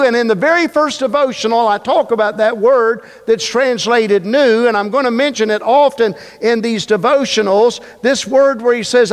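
High-voiced pastor preaching. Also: male voice, moderate pace, few pauses, clear, resonant tone. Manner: emphatic, repetitive, joking asides. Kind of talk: sermon. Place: church sanctuary. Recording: long reverb of a church hall.

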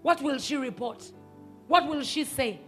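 A woman pastor, preaching a sermon emphatically and sometimes rising to a shout. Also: sits high, a little slow, soft background music. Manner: emphatic, rises to shouts and acts out quoted voices.

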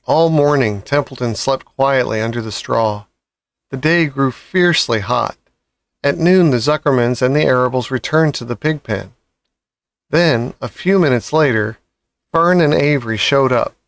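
A man reading a children's novel aloud with calm, measured storybook narration. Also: mid-range voice, no room sound. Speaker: audiobook reader.

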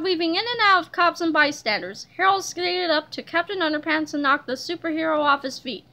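A woman reads a children's chapter book aloud, telling the story in a lively way. Her voice is very high and bright, with a crisp, energetic edge. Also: brisk, few pauses. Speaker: reader.

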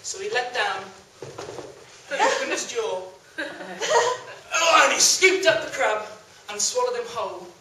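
A young man storyteller telling a folk tale to a live audience in a lively, animated way. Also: very high-pitched, unhurried, long pauses, background noise. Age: young adult. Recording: echoey hall from a distance.

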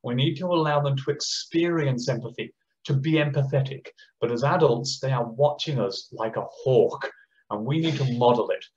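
A slightly mellow, mid-range voice belongs to an Australian man giving a passionate talk at an online education conference, where he frequently does quick impressions of teachers and children. The recording's highs are cut off.

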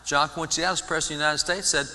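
A man giving an animated sermon-style history talk in a church, often restarting his words. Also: on the high side, racing. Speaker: guest speaker on history. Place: large church sanctuary. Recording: long church reverb.

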